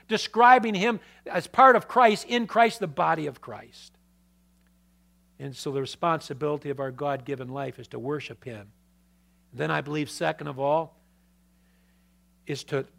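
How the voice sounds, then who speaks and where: A man preaching a sermon who reads scripture aloud and asks the congregation questions, with swings between emphatic and quiet delivery. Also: on the high side, gravelly. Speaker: pastor.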